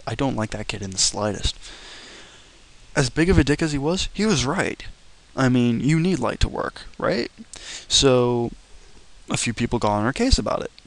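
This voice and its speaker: A man's voice: medium pitch, poor audio. A young man casually telling a personal story to the camera, blunt and profane. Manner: blunt, profane, lively retelling. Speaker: vlogger.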